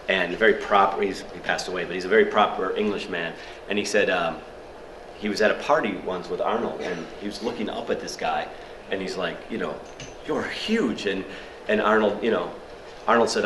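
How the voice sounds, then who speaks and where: A man's voice: low-pitched, a little hiss or hum. Chatty man telling stories in an echoey room. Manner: lively anecdotes, chuckling, many fillers. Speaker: speaker at a screenwriting workshop. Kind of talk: storytelling talk to an audience. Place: workshop room at a film festival. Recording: echoey room with faint ambience.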